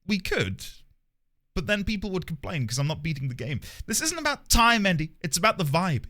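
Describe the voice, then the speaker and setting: Lively bright-voiced male streamer. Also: on the high side. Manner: chatty, greets viewers by name, playful mock outrage. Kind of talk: live-stream chat with viewers.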